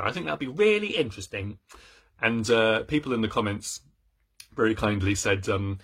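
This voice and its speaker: A book vlogger in his thirties chats playfully about books on his channel, theatrical and poking fun at himself. His voice is on the low side, husky and fairly bright, animated at a normal speed.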